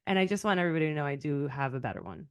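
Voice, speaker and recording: A woman's voice: sits low, sing-song, rapid-fire, clear, resonant tone, no room sound. Woman podcaster, casual gossip, blunt and sarcastic, dry close sound. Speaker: podcast co-host. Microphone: video call.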